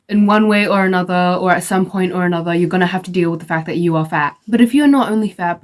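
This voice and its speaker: A young woman ranting to her followers in a casual vlog, blunt and sassy, swearing freely and filling her talk with "like". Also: fairly low pitch. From outside the United States. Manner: blunt, sassy, profane, lots of "like" fillers. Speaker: vlogger. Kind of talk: casual opinionated rant to camera.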